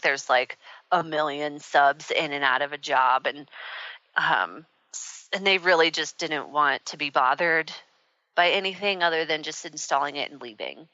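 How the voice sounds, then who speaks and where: A woman's voice: low voice, sharp tone, no room sound. A woman hosting a radio talk show, telling a personal story in a rambling, candid way with many fillers. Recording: dull, muffled radio audio.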